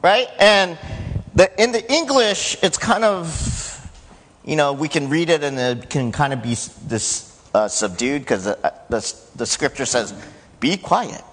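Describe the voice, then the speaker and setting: Man, pastor, sermon, unhurried, lingering church reverb. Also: a little high, animated. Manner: conversational preaching, rising to shouts when quoting. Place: church sanctuary.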